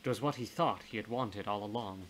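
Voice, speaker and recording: A man narrating a horror novel in a steady, measured reading voice. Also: lowish voice, slight background noise, low-quality recording. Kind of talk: audiobook reading of horror fiction.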